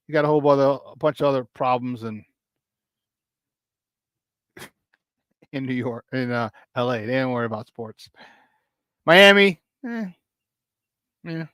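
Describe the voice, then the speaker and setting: A man hosting a casual morning sports talk show, energetic and slangy, greeting viewers by name and laughing often. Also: medium pitch, unhurried, pauses often, smooth, no echo, studio quality.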